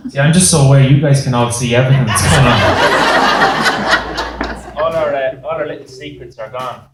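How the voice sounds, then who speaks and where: A man's voice: mid-range voice, fairly quick, very noisy. A young Irish man, a singer, chatting and telling jokey stories to a live concert audience in a self-mocking way. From Ireland. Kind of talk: on-stage storytelling banter. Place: concert hall on stage. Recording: live hall echo, music behind.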